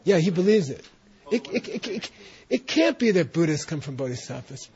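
A man's voice: fairly high pitch, sing-song, moderate pace, darkish tone, husky. A man teaching a class, often checking in with his students as he explains, in a dull lo-fi recording of a classroom. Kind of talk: classroom instruction.

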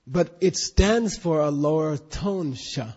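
A man's voice: fairly high pitch, slow, darkish tone, slightly rough. A man teaching a Buddhist class in an emphatic, questioning way, drilling students in recitation, on a dull lo-fi recording.

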